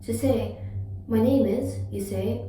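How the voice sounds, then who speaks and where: Soft woman in an echoey room. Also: on the high side, takes it slowly, slight background noise. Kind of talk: teaching phrases. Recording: very echoey room, distant mic.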